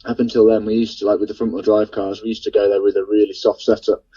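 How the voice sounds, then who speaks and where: A racing driver calling in by mobile phone, explaining car setups in a relaxed way. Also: male voice, on the low side, fast talker, slightly rough, dry recording. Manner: relaxed, explanatory, laughs easily. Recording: dull mobile phone line.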